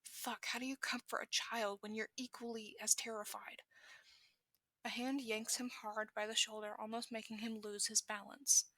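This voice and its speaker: Bright woman reading fan fiction aloud. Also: on the high side, level tone, no room sound. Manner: brisk reading with self-corrections. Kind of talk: podfic narration.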